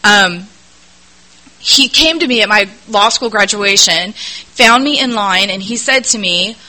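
A woman's voice: mid-range voice, a little slow, sharp tone, low-quality recording. A middle-aged woman telling her recovery story to an audience at a meeting, candid, earnest and self-deprecating. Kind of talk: personal testimony to an audience.

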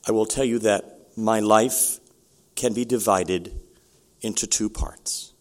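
An older man telling his own recovery story at a meeting, candid and halting, with many restarts. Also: fairly low pitch.

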